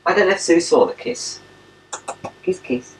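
A man's voice: high-pitched, big pitch swings, fast. A young English man chatting playfully to a pen pal on a home video, cooing at his dogs. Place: at home, indoors. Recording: old home video, distant mic, faint hiss.

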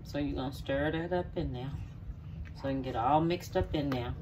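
A middle-aged home cook from a rural area shows viewers how to make a recipe in her kitchen, explaining each step in a homey, folksy style. She has a rumbling low voice at normal speed, captured on a distant mic with background noise.

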